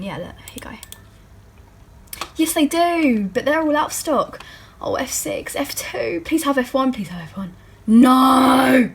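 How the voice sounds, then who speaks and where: Teen girl, beauty vlogger, casual rambling chat, high-pitched. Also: a little hiss or hum. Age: teens. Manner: chatty, rambling, self-mocking.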